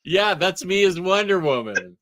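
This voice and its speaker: A man's voice: sits high, sing-song, normal speed, a bit bright. A man hosting a casual show, telling stories and chuckling often. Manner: chuckling, storytelling. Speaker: host. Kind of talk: casual chat.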